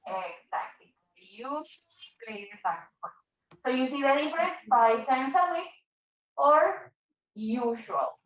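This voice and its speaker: A patient woman teaching an English class, going over examples and repeating them slowly. Her voice sits high, and the room around her sounds echoey. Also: lively intonation, fairly bright tone, recorded from a distance. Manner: patient, repeats and explains slowly, switches into Spanish. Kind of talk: online English class for Spanish speakers.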